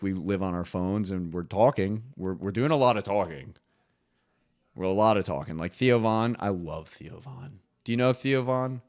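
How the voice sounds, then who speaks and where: A young man with a lowish voice talks on his own podcast in a loose, rambling solo monologue. He swears freely and breaks into laughter at his own jokes, recorded dry and close with no room sound. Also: no echo. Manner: rambling, profane, laughs often. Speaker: podcast host.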